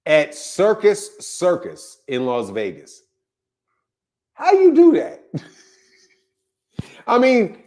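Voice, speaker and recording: A man hosting a live boxing stream, chatting casually, laughing often and greeting viewers by name. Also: on the high side. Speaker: boxing channel host.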